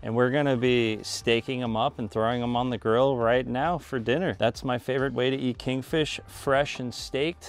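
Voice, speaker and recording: A man hosting a fishing channel, talking casually to the camera from a small boat and later from his dock, excitable when fishing and calmer and chatty when cooking. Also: mid-range voice. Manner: excitable, yells and laughs when a fish bites; calm and chatty back at the dock. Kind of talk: casual vlog narration. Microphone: camera mic, later with a wind cover.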